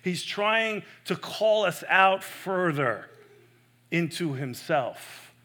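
Slow, bright-voiced man preaching. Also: high-pitched, animated. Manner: emphatic, swinging between loud stresses and soft hushed asides; self-correcting, personal and earnest. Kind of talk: sermon.

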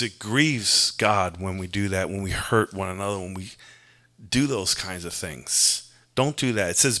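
A man's voice: fairly low pitch, sharp tone. A man from New preaching an earnest, conversational sermon, mixing scripture with personal confession. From New York. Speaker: pastor.

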